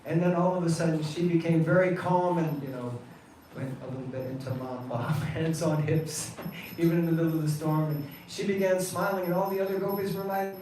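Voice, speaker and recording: A man telling a devotional story to a temple gathering in an animated, laughing way. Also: fairly high pitch, a little fast. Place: temple hall. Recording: echoey hall, distant mic, faint noise.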